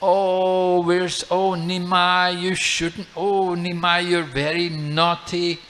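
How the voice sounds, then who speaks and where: A man's voice: high voice, little pitch movement, takes it slowly, a bit bright, pitched above the performer's own voice. A man doing pleading, apologetic parents. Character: apologetic pleading father and mother.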